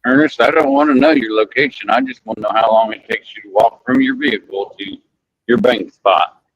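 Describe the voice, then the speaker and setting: A man's voice: mid-range voice, expressive, a little fast, creaky, no room sound. A man co-hosting a casual live stream, teasing the host and reading messages from the chat. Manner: teasing, chimes in and reads from the chat. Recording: dull, dry lo-fi sound.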